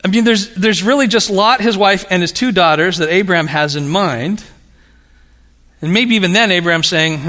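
A man preaching a sermon, telling stories in an animated, humorous way. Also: high voice, moderate pace. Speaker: pastor. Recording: long reverb of a large hall.

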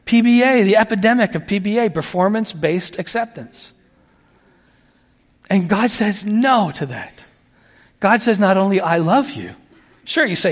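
A man preaching a sermon, animated, moving between excited asides and soft, hushed emphasis. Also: high-pitched, normal speed, long pauses, in a large hall. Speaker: pastor.

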